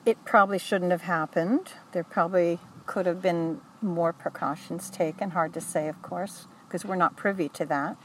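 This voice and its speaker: An older woman recounting memories in an earnest, halting way, often correcting herself mid-sentence. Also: lowish voice, steady tone, recorded from a distance, slight background noise, low-quality recording. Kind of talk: oral history recollection.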